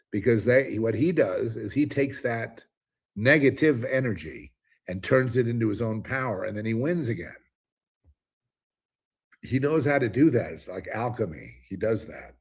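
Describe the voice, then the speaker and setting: A man's voice: mid-range voice, expressive, normal speed, slightly rough. A man hosting his own commentary show, ranting alone in an emphatic, rambling way with many restarts. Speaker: commentary host. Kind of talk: ranting solo monologue.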